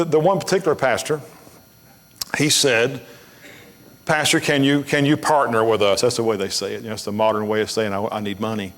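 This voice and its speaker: A man preaching a sermon as pastor, telling folksy stories bluntly and building to emphatic preaching. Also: medium pitch. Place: church sanctuary. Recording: long hall reverb of a church.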